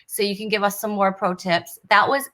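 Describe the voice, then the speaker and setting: A woman's voice: medium pitch, little pitch movement, moderate pace, pushed and bright, poor audio. A woman from New England hosting a casual online talk show, chatty, with frequent laughs and fillers over a video call. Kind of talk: casual chat.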